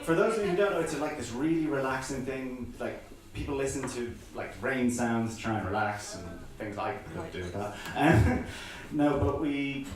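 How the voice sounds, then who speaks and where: A man's voice: mid-range voice, expressive, normal speed. A young man in his twenties doing a self-deprecating stand-up set, laughing through his jokes, from far off in an echoey room. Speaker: student stand-up comedian.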